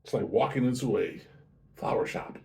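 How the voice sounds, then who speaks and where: Casual male host for a tasting review, warm low-key delivery, chatty and unhurried. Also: lively intonation, creaky. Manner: chatty, easygoing, self-correcting.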